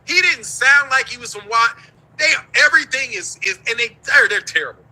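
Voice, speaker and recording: High, sharp-voiced man ranting. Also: lively intonation, brisk, low-quality recording. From United States. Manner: profane, heated, laughing between points. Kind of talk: ranting commentary.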